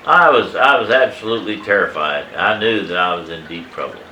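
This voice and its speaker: Bright-voiced old man spinning a tale. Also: on the low side, brisk, a little hiss or hum. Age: 80s. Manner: animated, emphatic, salty language, chuckles through the tale. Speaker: family elder telling a childhood story. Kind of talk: casual storytelling. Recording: echoey room, mic at a distance.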